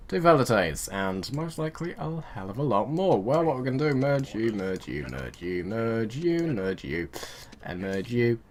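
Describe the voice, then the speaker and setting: A man's voice: mid-range voice, big pitch swings, normal speed. A young man giving casual let's-play commentary, rambling and chatting to his game units with muttered asides. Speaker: gaming video host.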